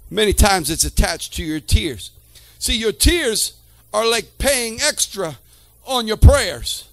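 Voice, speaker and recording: A man preaching a sermon to a church congregation, swinging from quiet talk to shouted lines and calling out to the room. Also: sits high, expressive, slow pace, creaky, no echo. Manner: calls to the congregation.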